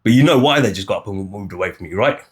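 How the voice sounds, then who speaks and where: British man, animated podcast debate, low-pitched voice, restarts and acted-out quotes. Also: very fast. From United Kingdom. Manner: animated, acts out other people's lines, frequent restarts. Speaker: podcast co-host. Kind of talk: casual debate chat.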